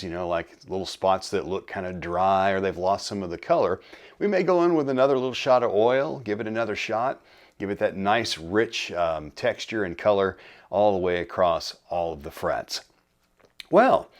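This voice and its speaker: A middle-aged channel host who restores guitars runs a casual workshop vlog, chatting in a folksy, unhurried way about cleaning and oiling a guitar. His lowish voice is full of friendly asides and fillers.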